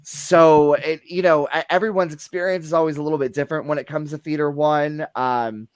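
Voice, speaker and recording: A man's voice: fairly high pitch, steady tone, a little fast, smooth, dry recording. Rambling man telling a haunting story. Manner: rambling, many restarts and fillers. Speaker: guest theater employee. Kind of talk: casual paranormal discussion.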